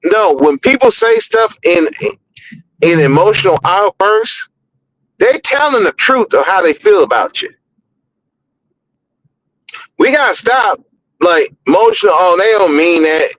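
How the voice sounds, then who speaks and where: Blunt high-voiced man ranting on a podcast. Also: very animated, a little slow, pauses often, a bit bright, low-quality recording. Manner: blunt, profane, repeats words when heated. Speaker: podcast host. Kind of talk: opinionated podcast commentary.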